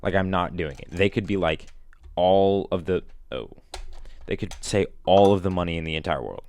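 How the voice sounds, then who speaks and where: A man's voice: sits low, moderate pace. A young man rambling casually to a listener in a slangy way, bursting out now and then. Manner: slangy, rambling, animated outbursts. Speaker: vlogger.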